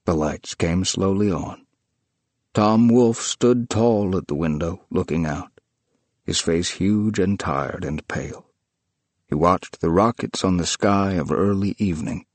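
A man reading a story in measured, descriptive scripted narration. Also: deep voice, no echo.

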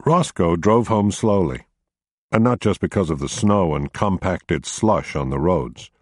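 A man narrating a story in a measured, even audiobook reading. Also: low voice, dry recording, studio quality.

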